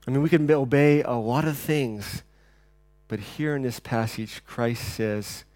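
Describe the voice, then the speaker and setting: A pastor delivering a sermon, swinging between loud declarations and quiet, intense passages. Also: male voice, mid-range voice, measured pace, dry recording.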